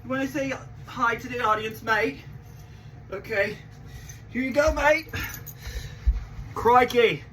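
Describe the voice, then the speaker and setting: A man putting on a hushed crikey-and-mate wildlife guy. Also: very high-pitched, takes it slowly, long pauses, recorded from a distance, slight background noise, full character voice, poor audio. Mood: coaxing.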